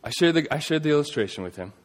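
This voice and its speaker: A man in his thirties preaching a sermon, telling a story earnestly, rising to emphatic points and dropping to a hush. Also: on the high side, expressive, racing, a little hiss or hum. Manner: earnest storytelling, swings between emphatic and hushed. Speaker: pastor. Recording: long reverb of a large hall.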